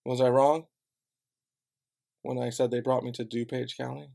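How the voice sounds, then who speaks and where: A man's voice: medium pitch, level tone, normal speed, gravelly, dark tone. A man from Chicago delivering a heated, sarcastic, profane rant straight to camera. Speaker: vlogger.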